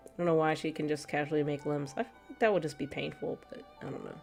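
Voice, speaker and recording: A woman streamer with a low, deep-set voice chats loosely with her viewers, laughing often as she rambles. She sounds slightly stuffy from allergies. Faint background music sits under her voice. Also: fast talker, vocal fry, a little mellow. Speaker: gaming streamer. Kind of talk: casual chat with stream chat.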